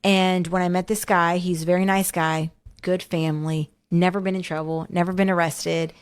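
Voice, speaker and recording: A woman's voice: lowish voice, little pitch movement, moderate pace, clear, resonant tone. A woman telling her own story in casual chat, candid and matter-of-fact, poking fun at herself.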